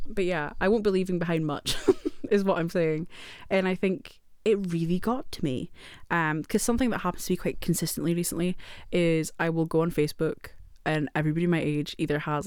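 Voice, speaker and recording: A young British woman talks into her camera at home in a loose, rambling vlog, cursing casually and poking fun at herself. Her voice sits a little low for a woman. The sound is close and dry, with almost no room echo. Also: a little mellow. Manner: rambling and self-deprecating, swears often, laughs a lot. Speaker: vlogger.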